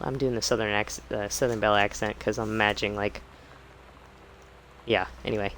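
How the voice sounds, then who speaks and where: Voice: mid-range voice, little pitch movement, normal speed, pauses often, a bit bright, a little hiss or hum, rough recording. Mumbling, self-deprecating game streamer. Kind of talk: casual gameplay commentary.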